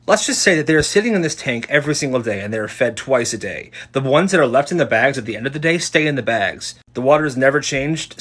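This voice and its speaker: A man telling quick comedy stories and acting out the people in them. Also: medium pitch, slightly rough. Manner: animated storyteller, acts out characters. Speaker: comedy creator. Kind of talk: storytelling comedy skits.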